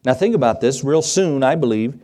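A middle-aged man preaching a sermon as pastor, animated and acting out Bible scenes in different voices. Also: mid-range voice, fairly quick.

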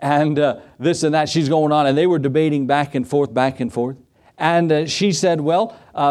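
A man's voice: fairly high pitch, fairly even intonation, normal speed, darkish tone. A man preaching a sermon as pastor, telling folksy stories and acting out the people in them. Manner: folksy storytelling, acts out quotes.

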